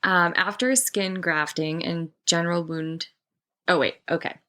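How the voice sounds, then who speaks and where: A woman's voice: on the low side, steady tone, a little slow, sharp tone. A woman co-hosting a podcast, reading a listener's story aloud with frequent giggles. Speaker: podcast co-host.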